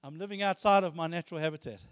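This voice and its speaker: A man's voice: on the high side, rapid-fire, clear, resonant tone. A man preaching a sermon, emphatic, repeating phrases and asking rhetorical questions. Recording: long hall reverb.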